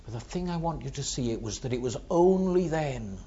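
A man preaching a sermon, dramatic, swinging from hushed words to loud ones. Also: mid-range voice, lively intonation, a little fast, slightly rough, dull audio.

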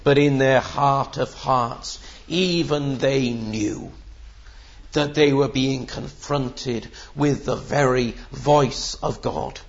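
A man's voice: medium pitch, slow pace. A man preaching a sermon in an emphatic, rhetorical way, with the odd filler. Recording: dull lo-fi sermon recording.

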